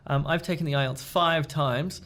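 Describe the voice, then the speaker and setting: A man co-hosting a casual chat, with a gravelly, creaky edge to his voice. He talks in a relaxed, halting way, with frequent ums and restarts while he works out his questions. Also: on the high side. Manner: relaxed, hesitant with many fillers and restarts. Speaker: podcast co-host. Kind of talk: casual discussion.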